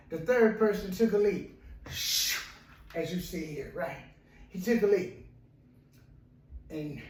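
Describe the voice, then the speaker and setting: A man's voice: sits high, darkish tone. A male counselor telling a story in a rambling, repetitive way, often asking "right?". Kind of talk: storytelling talk. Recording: roomy echo, mic at a distance.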